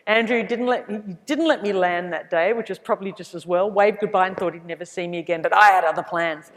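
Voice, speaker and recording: Australian woman telling a lively story. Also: lowish voice, quick pace. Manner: animated storyteller acting out dialogue with laughs. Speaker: keynote speaker. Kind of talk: inspirational keynote storytelling. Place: large hall. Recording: hall with long reverb.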